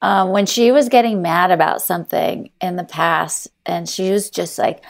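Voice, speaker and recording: A woman's voice: on the low side, moderate pace, gravelly, hardly any pauses. A woman guest on a podcast, chatting casually and teasing the host with easy laughs. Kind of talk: casual chat.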